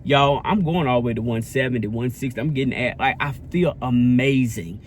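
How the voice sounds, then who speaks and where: In a casual vlog, a man preaches earnestly and repetitively with a sermon-like cadence. His voice is medium-pitched and brisk, with slight background noise.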